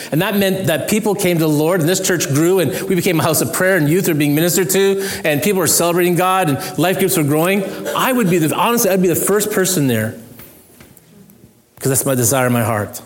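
A man's voice: sits high, lively intonation, brisk, a crowd in the background. A middle-aged male pastor preaching a sermon in an earnest, conversational way, with self-deprecating humor.

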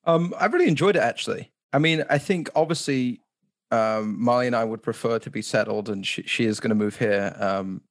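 A man's voice: medium pitch, brisk, dry recording. Guy rambling thru a story on a podcast, lots of likes n restarts, dry mic. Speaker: podcast guest. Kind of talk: casual storytelling.

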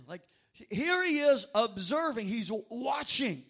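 A male pastor, from North Louisiana, preaching a dynamic sermon with bursts of shouting and drawn-out, sung phrases. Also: high-pitched. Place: church sanctuary before a congregation.

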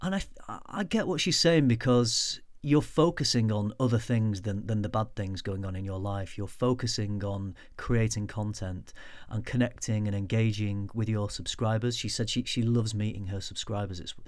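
A man's voice: on the low side, fairly even intonation, moderate pace, few pauses, no room sound. Chatty man on a dry mic. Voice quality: chatty, teasing, friendly. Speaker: podcast co-host. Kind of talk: casual chat.

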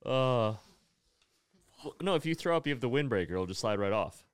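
Podcast dude, teasing, goofy announcer bits, voice goes up and down a lot. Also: male voice, medium pitch, animated, brisk, clear, resonant tone. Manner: teasing, mock-announcer asides. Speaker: podcast co-host. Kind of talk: casual comedic podcast chat.

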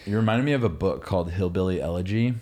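Deep-voiced man joking around. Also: animated, fast, warm tone. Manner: jokey, playful banter. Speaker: podcast co-host. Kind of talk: casual chat. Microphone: desk mic.

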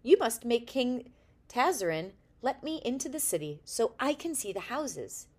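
A woman's voice: a little high, sing-song, unhurried, voice pushed up. A woman doing an eager, stubborn little boy. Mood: curious.

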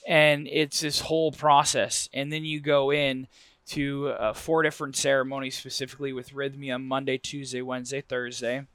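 A man with a smooth, resonant voice of middling pitch tells a personal story with lively energy, peppering it with casual fillers. He sounds close and dry on the mic, with no room around him. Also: moderate pace, no echo.

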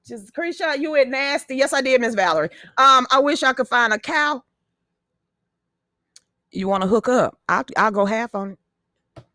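A middle-aged woman chats as a live show host, brash, profane and joking. Her voice sits a bit high, with a bright, sharp edge. The sound is dry and close. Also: expressive, moderate pace, long pauses, no echo. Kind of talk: casual chat.

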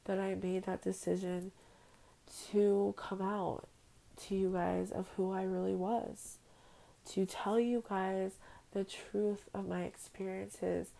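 A woman's voice: mid-range voice, creaky, mellow, poor audio. A young woman hosting her own podcast, recording at home on her phone and talking in a heartfelt, rambling, emotional personal monologue. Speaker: podcast host. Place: at home on a bed.

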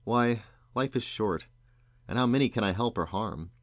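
A man's voice: fairly low pitch, dry recording, clean studio sound, voice pushed up, lightly acted. A man reading aloud and voicing a grown male magician, wry and rueful, in a storybook. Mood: wistful. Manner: brisk and sharp, then wistful.

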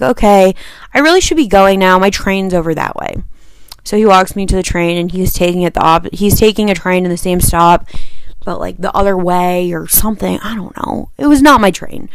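A young woman hosting a podcast, telling a personal story in a chatty, animated way and acting out what people said. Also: mid-range voice, dry recording. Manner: chatty, animated, acts out quotes with sighs and asides. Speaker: podcast host. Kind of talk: casual storytelling monologue.

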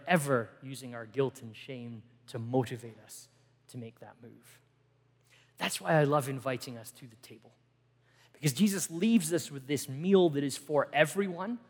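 A middle-aged male pastor giving an earnest sermon, moving between emphatic lines and hushed ones. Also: fairly high pitch. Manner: earnest, dynamic preaching that swings from emphatic to hushed. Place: church hall. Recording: reverberant church hall.

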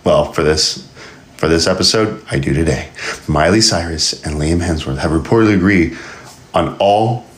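A man's voice: sits low, normal speed. A man hosting a casual podcast, reading news aloud and riffing on it in a rambling, joking way with frequent laughs. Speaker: podcast host. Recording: roomy echo.

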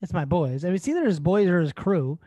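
A high-pitched man guessing song lyrics in a loose, excitable way, cursing and shouting when he gets one. His voice sits close and dry, with no room sound around it. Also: quick pace, dry recording, lo-fi sound. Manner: excitable, swearing, bursts into shouts. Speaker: contestant. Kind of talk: casual game chat.

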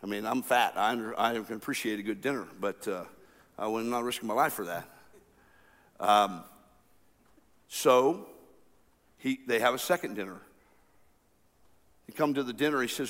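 A man preaching a sermon, telling a story with lively acted-out voices. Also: mid-range voice, moderate pace, long pauses, big-room sound. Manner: animated storytelling, acting out characters. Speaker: pastor.

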